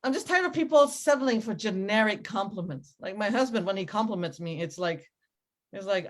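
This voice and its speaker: A woman's voice: mid-range voice, animated, moderate pace. A middle-aged woman doing a stand-up set on a club stage, rambling and breaking off into giggles. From Cambodian family. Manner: rambling, self-interrupting with giggles. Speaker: stand-up comedian. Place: comedy club stage with audience.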